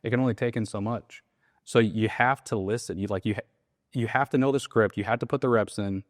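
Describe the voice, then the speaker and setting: Animated, lower-voiced man coaching sales. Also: brisk, no echo, clean studio sound. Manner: animated, acts out soft and loud sales calls. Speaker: sales trainer. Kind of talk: conversational coaching interview.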